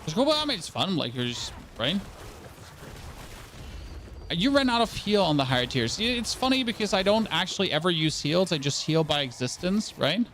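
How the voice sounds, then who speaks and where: Young man streamer, gravelly, slightly high voice, casual gameplay talk, stammers and repeats himself. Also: very animated, normal speed, a bit bright, slight background noise. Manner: rambling, stammers and repeats words, asks viewers questions.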